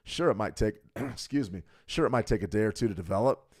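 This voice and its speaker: Throaty, lower-voiced male trading host. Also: lively intonation, fairly quick, darkish tone, husky. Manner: conversational, coaching, talks to viewers directly. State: throat a bit choked up from smoke. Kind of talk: live market commentary.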